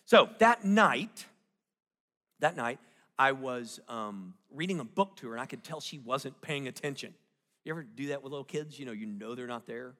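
Preaching in a church sanctuary full of long reverb, a middle-aged man uses a medium-pitched, expressive, sharp-toned voice at a normal speed. As pastor, he weaves a family story into the sermon, joking and repeatedly questioning the congregation.

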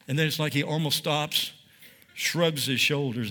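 A man's voice: medium pitch, animated, normal speed, bright, forceful tone. A man teaching a Bible study like a sermon, emphatic, with dramatic repeated phrases and questions to his listeners. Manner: asks the audience questions.

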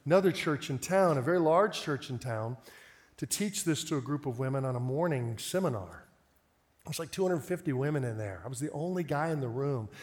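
A man preaching a storytelling sermon, lively and acting out the voices of people he quotes. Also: a little high. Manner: animated, acts out quoted voices. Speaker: pastor.

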